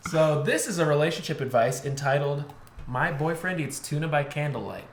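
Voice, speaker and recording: A man's voice: on the high side, expressive, brisk. A man co-hosting a casual podcast, joking and swearing freely in loose chat. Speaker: podcast co-host. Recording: roomy echo, faint noise.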